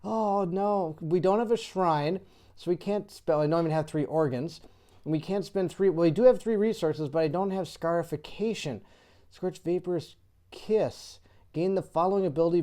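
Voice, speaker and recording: A chatty host plays through a solo board game, reading rule cards aloud and puzzling over choices. The medium-pitched voice is mellow and warm at a normal speed, full of frequent laughter and excitable bursts.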